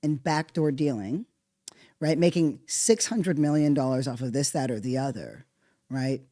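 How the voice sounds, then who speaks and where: A podcast host delivering a solo monologue in a sarcastic, profane way, swinging between loud outbursts and quiet asides. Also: mid-range voice, normal speed, no room sound, studio quality.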